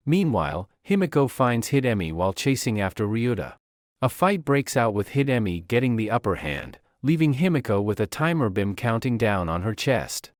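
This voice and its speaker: A man reads out an anime plot recap in an even, scripted narrating voice. His pitch sits in an ordinary middle range for a man. The sound is close and dry, with no room around it. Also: moderate pace, dry recording.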